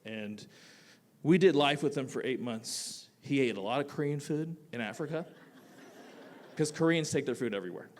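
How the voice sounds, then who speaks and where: A man, a teacher, telling a personal story live on a theatre stage, animated and casual, swinging between loud bursts and quiet asides. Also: mid-range voice, normal speed, a little hiss or hum. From United States. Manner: casual, with frequent "like" fillers.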